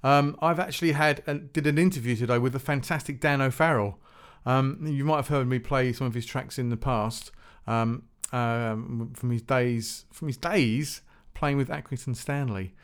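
A man's voice: medium pitch, moderate pace, hardly any pauses, clear, resonant tone. A man hosting his own music podcast, chatting casually and rambling with fillers and restarts. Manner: rambling, self-deprecating, many fillers and restarts. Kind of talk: casual solo podcast chat.

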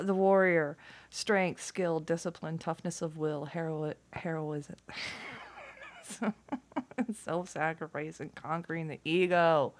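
A woman talking casually and at length, profane and rambling, dropping from loud bursts to near-whispers. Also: deep voice. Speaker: vlogger.

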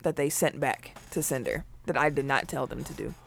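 A woman co-hosting a casual podcast chat, talking loosely with lots of "like" and quick laughs. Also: extremely low pitch, vocal fry. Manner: chatty, laughs often, says "like" a lot. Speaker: podcast co-host.

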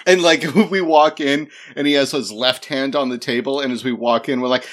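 A man's voice: on the high side, normal speed, a bit bright. A man, co-hosting a tabletop game podcast, chatty and laughing while he tells the scene. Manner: chatty, laughing, mock ad reads. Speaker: podcast co-host and player. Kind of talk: casual tabletop game chat.

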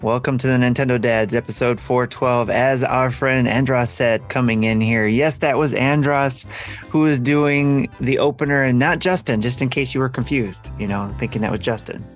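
A man's voice: medium pitch, moderate pace, faint music behind. A man hosting a casual podcast, upbeat and jokey, talking over a call with his co-hosts. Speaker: podcast host.

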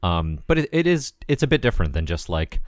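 A man's voice: deep voice, sing-song, brisk, dry recording, clean studio sound. A man co-hosting a casual podcast, recapping comic plots in a rambling, hesitant way with many fillers. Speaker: podcast co-host. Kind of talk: casual comic-book discussion.

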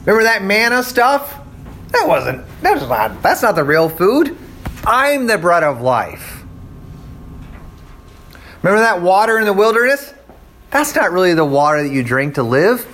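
A man paraphrasing Jesus as a calm adult male teacher, speaking plainly with emphasis. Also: high voice, moderate pace, long pauses, slight background noise. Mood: emphatic.

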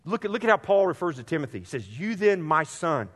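A man's voice: a little high, sing-song, quick pace, a bit bright. A man preaching a sermon as pastor, earnest and direct with his congregation, repeating phrases for emphasis. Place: church sanctuary. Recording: long hall reverb.

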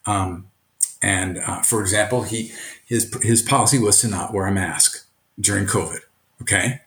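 An older retired teacher from Brooklyn, answering interview questions in an earnest, emphatic way. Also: male voice, on the low side, moderate pace. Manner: earnest, emphatic, animated storytelling. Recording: echoey room.

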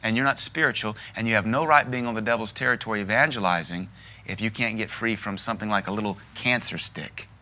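Emphatic Southern preacher, bright voice. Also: male voice, fairly low pitch, fast talker, slight background noise. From American South. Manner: blunt, emphatic preaching with repetition. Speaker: pastor. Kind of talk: sermon.

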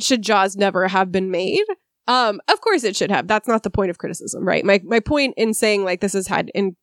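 A woman's voice: mid-range voice, dry recording, studio quality. A woman co-hosting a film podcast, talking casually and analytically with plenty of ums and likes. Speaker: podcast co-host.

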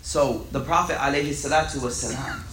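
A man with a high voice leads a casual religious lesson, and his speech rings around an echoey room. He rattles off Arabic text at speed, then breaks it down in slangy street English. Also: fairly bright tone. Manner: reads Arabic lines quickly, then explains them in slangy everyday English. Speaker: teacher of a weekly Islamic class.

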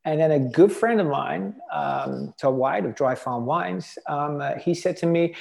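A man's voice: a little high, measured pace, creaky, a little mellow. A middle-aged man from the United Kingdom, a podcast guest, telling his story casually and animatedly, with many fillers and acted-out quotes.

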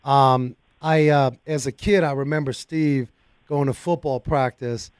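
A man hosting a car talk radio show, chatting in a folksy, excitable way and speaking straight to his listeners from a studio mic. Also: medium pitch, measured pace, clean tone, no echo.

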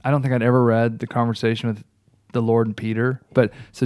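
A man telling his personal testimony in a casual talk, an animated storyteller who restarts often and laughs along the way. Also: medium pitch, normal speed.

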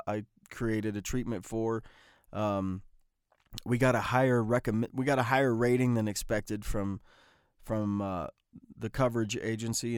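A man talks through his week on his own podcast in a loose, rambling way, full of fillers and restarts. His voice sits low and sounds smooth and clean. The recording is dry, with no room sound. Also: a little mellow, no echo. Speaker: podcast host. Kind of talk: casual solo podcast talk.

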